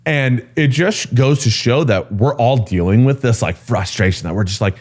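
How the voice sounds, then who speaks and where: A man with a deep, low voice talks through a story in an interview. He is candid and animated, and he leans on "um" and "you know" as he goes. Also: fairly quick, hardly any pauses. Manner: animated storyteller who jumps high when quoting people; frequent fillers like um and you know. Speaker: guest, real estate executive.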